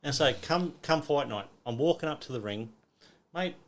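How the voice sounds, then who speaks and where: Middle-aged Aussie bloke, slightly high voice, animated and sweary storyteller. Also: male voice, moderate pace. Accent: Australian. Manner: animated, acts out quotes, swears a lot. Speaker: podcast guest. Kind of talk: casual storytelling.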